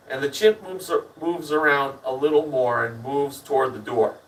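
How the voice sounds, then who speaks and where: A man reading a first-person memoir aloud as a lively storyteller. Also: mid-range voice, normal speed, hardly any pauses, distant mic, low-quality recording. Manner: lively storyteller, animated in the punchlines. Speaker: reader.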